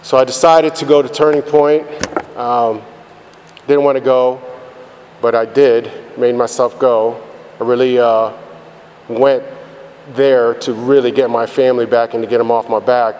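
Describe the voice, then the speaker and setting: A man's voice: medium pitch, level tone, a little slow, a little mellow. A man giving a blunt, profane personal testimony about his recovery, rambling with lots of fillers. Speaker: speaker sharing his recovery story. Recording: reverberant hall with faint background noise.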